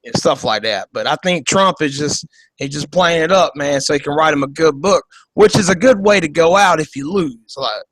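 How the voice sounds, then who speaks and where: A man's voice: fairly high pitch, normal speed, fairly bright tone, dry recording, rough recording. A man hosting a podcast, giving casual political commentary in a profane, joking, rambling way over a video call. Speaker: podcast host.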